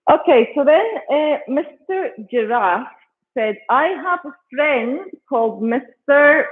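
British male storytelling teacher for kids, high voice, unhurried and patient, tinny video call sound. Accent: British English. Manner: patient, repeats words and keeps checking with "okay?". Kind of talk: storytelling lesson for children.

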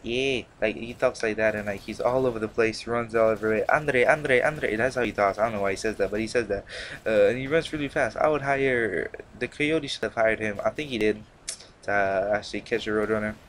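Young man, low voice, casual rambling gaming commentary, slangy, faint background hiss. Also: fairly quick. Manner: rambling, slangy, with many fillers and restarts. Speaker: gaming channel host. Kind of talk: casual commentary over gameplay.

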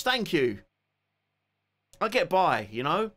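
During a laid-back live guitar stream, a London-accented man in his 40s talks casually with his audience at a normal pace. His voice is bright and slightly high, his humor joking and self-deprecating, and there's a little hiss or hum on the recording.

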